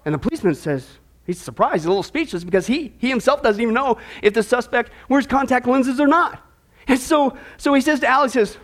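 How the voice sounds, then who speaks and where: A jovial preacher, a man with a very high voice, moves from a long joke into his sermon. He talks animatedly, restarting often with little fillers. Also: fast talker. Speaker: pastor.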